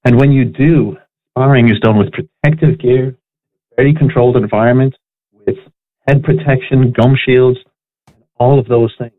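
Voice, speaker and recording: A man's voice: medium pitch, steady tone, moderate pace, pauses often. A middle-aged man talking casually and emphatically, with frequent restarts, as a guest on a chat show. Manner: emphatic, opinionated, restarts often. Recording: dry tinny phone line.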